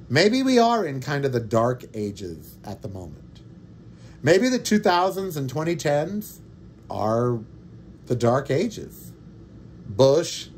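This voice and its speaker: Man, podcast host, indignant sarcastic rant, somewhat high voice, faint noise behind. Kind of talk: political monologue.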